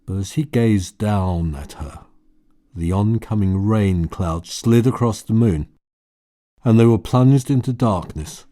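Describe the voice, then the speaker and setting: A man reading a novel aloud in measured, quiet scripted narration. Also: lowish voice. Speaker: audiobook narrator.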